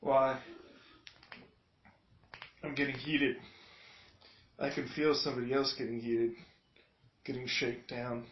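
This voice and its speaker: Foul-mouthed man, slow and echoey. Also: medium pitch, fairly even intonation, slight background noise. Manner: profane, rambling, flares into shouting anger. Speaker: video journal host. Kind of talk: casual reaction commentary. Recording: dull lo-fi sound in an echoey room.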